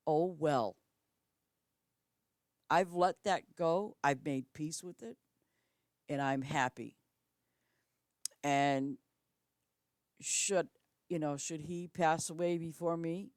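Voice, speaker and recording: A woman's voice: low voice, no room sound, studio quality. A middle-aged woman chatting on a live stream from home, blunt and matter-of-fact, often restarting her sentences. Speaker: game streamer. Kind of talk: casual chat on a live stream.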